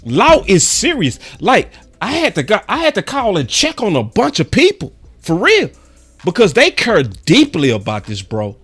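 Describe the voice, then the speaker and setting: A man hosts his own sports talk channel, preaching to fans in a slangy, emphatic way that keeps circling back to the same points. His voice sits a bit high and swings widely in pitch as he presses each point. Faint music plays under him. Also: huge pitch swings, moderate pace, fairly bright tone, slightly rough. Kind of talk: fired-up fan commentary monologue.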